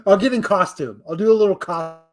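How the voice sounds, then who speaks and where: A man's voice: high voice, normal speed. A man hosting a casual live stream, rambling, swearing and making fun of himself. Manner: rambling, profane, self-deprecating. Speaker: livestream host.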